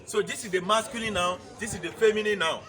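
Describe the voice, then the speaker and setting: A man's voice: high-pitched, fast, pushed and bright. A man teaching a French class, drilling words and having students repeat them. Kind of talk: classroom language lesson.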